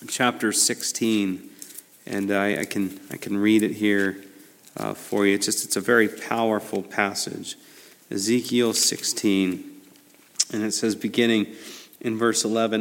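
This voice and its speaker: A man preaching a sermon in a conversational way, building to emphatic peaks and then dropping low and quiet. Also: in a large hall. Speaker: pastor.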